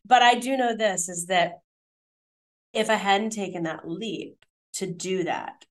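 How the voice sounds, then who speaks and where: A woman's voice: medium pitch, measured pace. Encouraging middle-aged woman telling stories. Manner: animated, encouraging storyteller. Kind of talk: casual faith chat and personal story.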